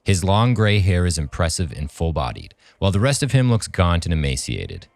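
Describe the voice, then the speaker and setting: A man co-hosting a podcast, reading a horror script aloud in an even narrating voice. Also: sits low, normal speed, gravelly, no room sound. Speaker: podcast co-host and script reader.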